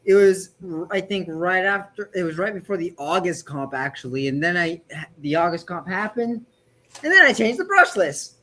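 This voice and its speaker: A young adult robot builder telling stories in a rambling, animated way during a casual livestream chat, voice slightly hoarse. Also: medium pitch, normal speed.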